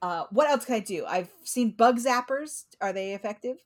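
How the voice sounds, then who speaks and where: A woman's voice: on the high side, expressive, moderate pace. A woman hosting a podcast in casual chat, playful and jokey as she asks questions. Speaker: podcast host.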